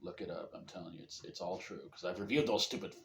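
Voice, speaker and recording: A man's voice: sits low, fast. A man hosting a casual comedy news podcast, sarcastic and joking. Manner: sarcastic, joking, loud bursts of laughter. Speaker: podcast host. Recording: roomy echo, faint background hum.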